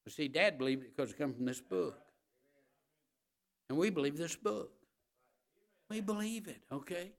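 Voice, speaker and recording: A man's voice: a little high, normal speed, creaky, pauses often. A man preaching a Wednesday night sermon with passion, rising and falling in force, repeating phrases and stumbling on repeated starts. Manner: impassioned preaching that rises and falls, with repeated phrases. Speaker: pastor.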